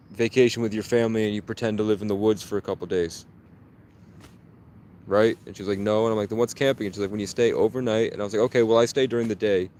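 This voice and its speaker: A man's voice: fairly low pitch, a little mellow, slight background noise. A man livestreaming outdoors from the woods on his phone, telling a rambling, profane, agitated story in a casual way. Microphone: phone held at arm's length.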